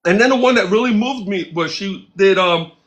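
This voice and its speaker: Male interview guest, high voice, animated storyteller who acts out the dialogue. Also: moderate pace. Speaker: interview guest, music producer. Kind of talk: casual storytelling.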